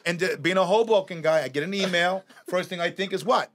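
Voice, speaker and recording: A middle-aged man, a podcast guest telling animated stories, swearing freely and acting out quoted lines. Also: high-pitched, a little fast. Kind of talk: casual storytelling.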